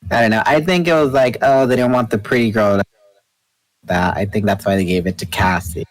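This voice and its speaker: A man's voice: lowish voice, fairly quick, low-quality recording. A man who is a guest on a casual book discussion podcast, playful and full of jokey asides.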